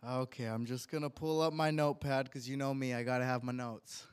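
A young man in church reading a heartfelt tribute to his wife from his notes, earnest and deliberate. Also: mid-range voice, little pitch movement, clean tone. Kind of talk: read tribute speech in church.

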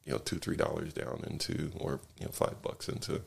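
A man casually telling travel stories as a podcast guest, rambling with many fillers and restarts. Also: a little fast. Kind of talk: casual storytelling.

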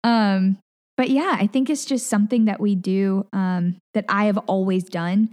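Clear-spoken woman news reporter. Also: mid-range voice, fairly even intonation, measured pace, a little mellow. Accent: slight Southern American. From Collierville, Tennessee, US. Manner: articulate, enunciates clearly. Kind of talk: casual interview chat.

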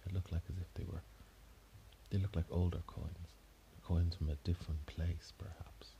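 Man narrating a made-up story, very low dark voice, rambling, restarts often. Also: little pitch movement, moderate pace, creaky, dull audio, slight background noise. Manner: rambling, with frequent restarts and self-corrections.

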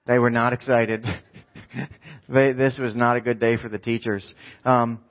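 Brief: man, thirties, relaxed self-mocking preacher, medium pitch, dull muffled church recording. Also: measured pace. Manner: casual, rambling, self-mocking storyteller. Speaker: pastor. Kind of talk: preaching a sermon with a personal story.

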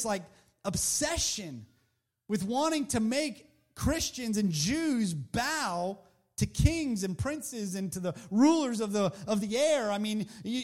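A man preaching a sermon in an animated, conversational way, acting out the people he quotes. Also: very high voice.

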